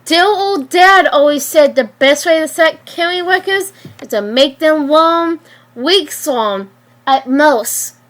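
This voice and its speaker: A woman reading a story aloud and voicing a cocky young male virus, cold and defiant, with a flat, matter-of-fact delivery and small stumbles. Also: sits high, takes it slowly, voice pushed up.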